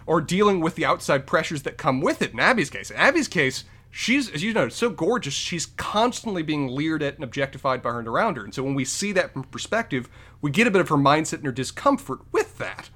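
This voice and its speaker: A man's voice: a little high, very animated, fairly quick, bright, forceful tone. A man co-hosting a casual film review podcast, talking in long, detailed run-on points. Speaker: podcast co-host.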